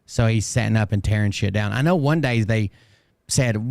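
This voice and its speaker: A man's voice: fairly low pitch, a little fast, gravelly, darkish tone, no room sound. A man streaming and commenting on clips, blunt and sarcastic and swearing freely, his voice a bit strained. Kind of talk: casual profane commentary.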